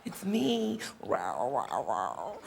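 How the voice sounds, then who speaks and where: A man's voice: mid-range voice, huge pitch swings, extremely slow, vocal fry, pitched below the performer's own voice, heavily acted. A man voicing his playful six-year-old daughter inside a live stand-up set, in a small voice. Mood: sweet. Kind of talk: stand-up comedy. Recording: live club, crowd laughter and noise.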